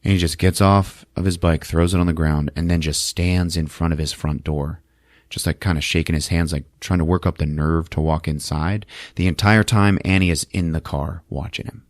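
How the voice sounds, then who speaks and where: A man's voice: sits low, steady tone, normal speed, no room sound, studio quality. A man hosting a podcast, recapping a movie in a loose, profane, chatty way full of fillers. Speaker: podcast host.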